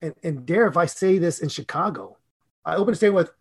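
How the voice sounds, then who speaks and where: A middle-aged man co-hosting a podcast on public speaking, talking in an excitable, animated way with big jumps in pitch and loudness. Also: quick pace, slightly rough. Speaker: podcast co-host and speaking coach.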